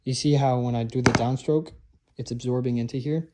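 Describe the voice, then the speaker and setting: In a noisy room, a young man who teaches drumline walks through how to grip a marching drum stick in a casual, instructional way. His medium-pitched voice holds a steady tone and moves fairly quickly, with plenty of fillers and false starts.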